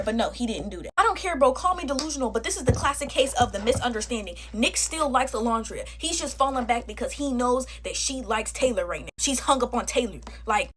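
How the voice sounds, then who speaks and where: A young woman telling a casual storytime at home, chatty and animated, full of slang, talking straight to her viewers. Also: high voice, fast, few pauses, slight background noise. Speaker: storytime creator. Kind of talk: casual storytime chat while making slime.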